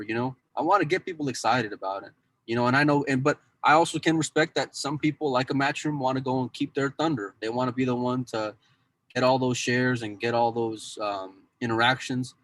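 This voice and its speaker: A man's voice: medium pitch, brisk, a bit bright, poor audio. A man on a podcast talking casually about his work as a pool news insider and cue dealer, rambling with many restarts.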